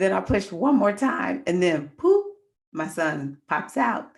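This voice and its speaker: A woman's voice: medium pitch, sing-song, takes it slowly, creaky. A middle-aged woman hosting a casual livestream, chatting with viewers and telling a personal story. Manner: chatty, addresses viewers as y'all. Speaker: astrology livestream host.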